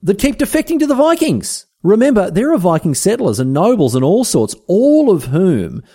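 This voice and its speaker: Lively man telling history. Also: high-pitched, normal speed, breathy edge. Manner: chatty and irreverent, full of slang asides. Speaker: podcast host. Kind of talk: casual history storytelling.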